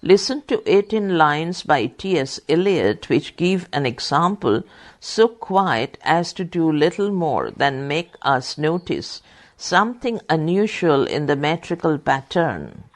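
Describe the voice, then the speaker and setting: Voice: medium pitch, lively intonation. A reader voicing a study text aloud for blind listeners, carefully calling out every punctuation mark and correcting slips. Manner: reads punctuation marks aloud, careful and deliberate.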